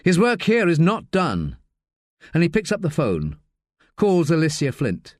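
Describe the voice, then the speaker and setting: A male audiobook narrator with a fairly high voice that moves expressively through a wide range. He tells the story in a measured way. The sound is close and dry. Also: huge pitch swings, a little mellow, dry recording.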